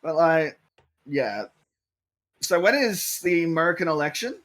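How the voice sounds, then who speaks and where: A man with a fairly high voice, a guest on a watch-along. He rambles and jokes through casual commentary as the film plays. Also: lively intonation, a little slow, fairly bright tone. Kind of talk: casual chat.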